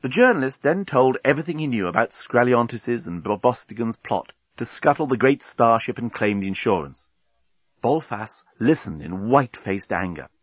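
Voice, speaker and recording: A man's voice: mid-range voice, lively intonation, normal speed, slightly rough, dry recording, dull audio. A man narrating an audiobook in a dry, wry manner.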